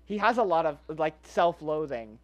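A man's voice: on the high side, big pitch swings, normal speed, dull audio. A man co-hosting a podcast, chatting casually about a film, often laughing and restarting his sentences. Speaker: podcast co-host. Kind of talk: casual film-discussion chat.

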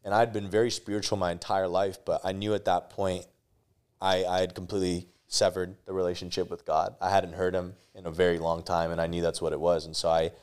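A young man with a very low, smooth voice, sitting as a guest on a podcast. He tells a personal story in loose, candid talk. He curses freely and often trips over his own restarts. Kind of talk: casual storytelling.

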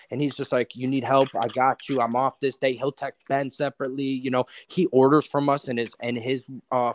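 A man's voice: medium pitch, slight background noise. A man, a guest joining remotely, telling stories in a rambling way with many fillers. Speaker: podcast guest. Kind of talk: casual chat. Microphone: remote call.

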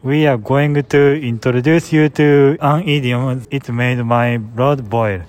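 A man's voice: mid-range voice, fairly even intonation, slow pace, a little mellow. A young man, a student presenting an English idiom and reading a prepared script carefully. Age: young adult.

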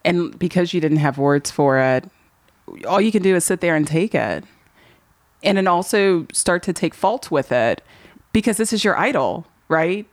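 A woman hosting a podcast interview in casual chat, animated and repeating words for emphasis. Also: lowish voice, normal speed, dry recording. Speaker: podcast host.

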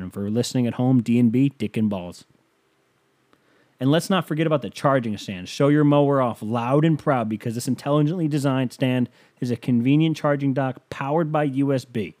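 A man's voice: mid-range voice, dark tone. A man hosting his own podcast, doing a joking, crude, hyped-up ad read from a bedroom at home. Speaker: podcast host. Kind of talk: comedic ad read.

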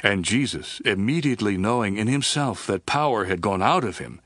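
A man doing a scripted Bible reading with a measured, even narration. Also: on the low side, no echo, clean studio sound. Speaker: scripture reader.

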